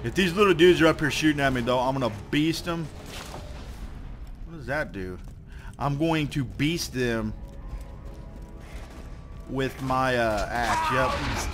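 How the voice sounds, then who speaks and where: A young man giving loose commentary on his own gameplay, swearing a lot, muttering to himself and yelling at enemies when they hit him. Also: medium pitch, takes it slowly, long pauses. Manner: swears often, trash-talks enemies; yells in frustration when hit. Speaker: let's play gamer. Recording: game music playing behind.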